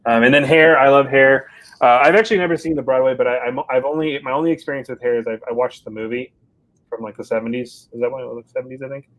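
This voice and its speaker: A man's voice: medium pitch, fairly even intonation, fast, a bit bright, poor audio. A man co-hosting a casual podcast chat, rambling with lots of restarts. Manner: rambling, many fillers and restarts. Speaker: podcast co-host.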